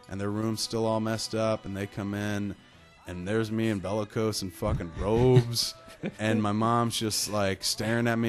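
A man with a lowish voice spins a rambling, profane anecdote on a casual podcast. He talks loosely and swears freely. Faint music sits underneath. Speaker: podcast co-host. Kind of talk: casual chat, storytelling.

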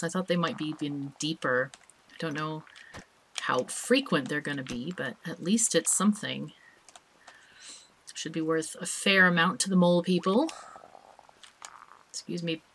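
A woman's voice: low voice, a little slow, pauses often, pushed and bright, breathy edge. A woman hosting a let's play, chatting casually and thinking aloud as she plays, with small laughs. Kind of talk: casual gameplay commentary.

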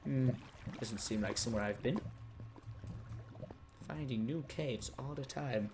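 A young man commentating his gameplay live. He is excitable, talks to the creatures in the game, and breaks into sudden loud outbursts. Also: mid-range voice, a little slow, background noise. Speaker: gaming video host.

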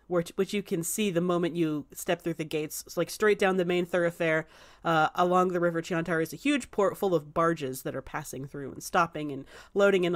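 A woman narrating as game master in a casual way, with frequent filler words. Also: fairly low pitch.

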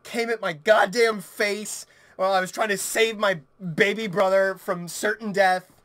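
A young man commentating a horror game let's play, panicky and swearing, swinging between shouts and hushed muttering. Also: high voice, steady tone, a little slow. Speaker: gaming YouTuber.

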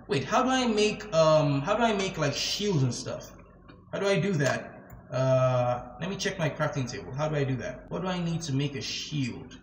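A young man hosting a gaming channel, narrating his game step by step in a jumpy, excitable way, quick to get scared and laugh. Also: a little high. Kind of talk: casual gameplay commentary. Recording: roomy sound with game music behind. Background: game music.

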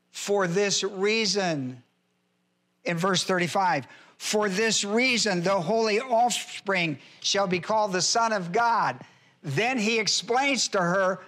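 A man's voice: sits high, a bit bright. A male pastor teaching a Bible lesson who repeats key phrases for emphasis, spells out Greek words letter by letter and speaks to his listeners directly in plain, informal grammar.

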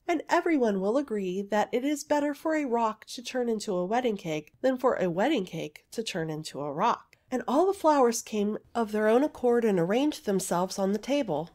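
A woman narrating a fairy tale aloud in a gentle, even storytelling manner. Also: on the high side.

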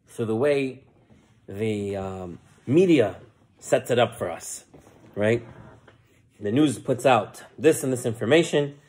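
A rabbi giving a relaxed, conversational sermon and telling a joke story, with joking asides. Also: male voice, medium pitch.

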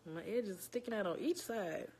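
A woman's voice: mid-range voice, animated, normal speed, noisy background. A young woman from Louisiana, chatting casually to viewers at home while nervous before an interview. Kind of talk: casual chat. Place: home, indoors.

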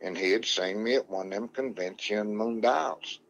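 A man's voice: on the low side, normal speed, vocal fry, slight background noise, rough recording. Salty, rambling man telling a story. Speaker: guest, dog man. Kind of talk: casual storytelling.

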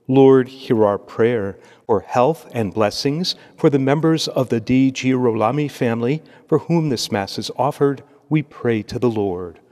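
A man as a priest, reading scripture and preaching a homily in a measured, steady cadence. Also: medium pitch. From United States. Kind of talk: liturgy and homily. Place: church. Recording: long church reverb.

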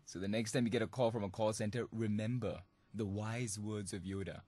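A man's voice: lowish voice, steady tone, fairly quick, hardly any pauses, warm tone, no echo. A young man from Singapore hosting a student radio podcast, talking in a playful, mischievous way and laughing often. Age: young adult. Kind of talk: comic monologue podcast.

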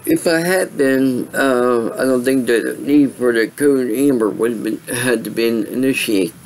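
A man vlogging in a tired, rambling way, stopping and restarting his sentences often. His voice sits at an ordinary middle pitch and he talks like he is chatting at home. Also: unhurried, poor audio. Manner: rambling, many fillers and restarts. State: tired, yawning. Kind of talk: casual storytelling monologue.

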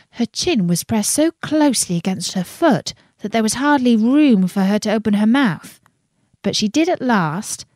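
A woman reading a children's storybook aloud in an expressive way. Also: mid-range voice, no echo, studio quality. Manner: slow, expressive, lilting reading.

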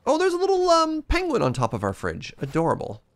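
A man streaming a video game live, with playful, excitable commentary. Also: very high voice, a little fast.

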